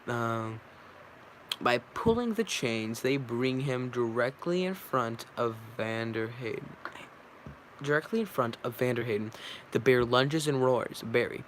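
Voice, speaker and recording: A man reads stage directions from a film script aloud, tripping over words and correcting himself. His pitch is middling and his delivery casual. A faint hiss lies underneath. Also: animated, measured pace. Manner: stumbling, self-correcting, with fillers. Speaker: reader.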